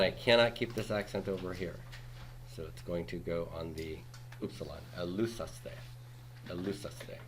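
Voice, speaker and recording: Male Greek teacher in his forties, slightly low, bright voice, patient classroom lecture, faint room noise. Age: 40s. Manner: patient, checks in with "okay?" and "right?" constantly.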